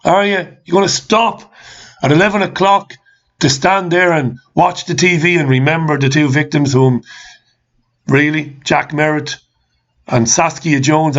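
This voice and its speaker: A man hosting a talk show, ranting in commentary with repeated questions and swearing. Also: a little high. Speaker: host. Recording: slightly dull lo-fi sound.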